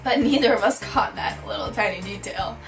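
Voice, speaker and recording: A young woman telling a storytime vlog, bubbly and animated, saying "like" constantly. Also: mid-range voice, a little fast, creaky, faint music behind, poor audio. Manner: bubbly, animated, heavy use of "like". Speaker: vlogger.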